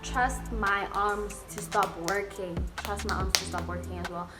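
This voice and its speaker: Young woman, storytime vlogger, mid-pitched, candid and emotional, loose casual delivery, music bed underneath. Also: fairly even intonation, a little slow. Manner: candid and emotional, full of 'like' and 'you know'. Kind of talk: storytime vlog, casual chat. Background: background music.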